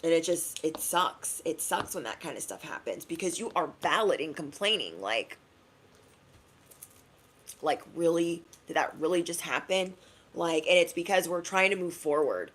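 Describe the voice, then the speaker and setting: A young woman giving a casual spiritual pep talk to her viewers, chatty and slangy, acting out quick asides. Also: low voice, animated, a bit bright. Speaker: spiritual reader.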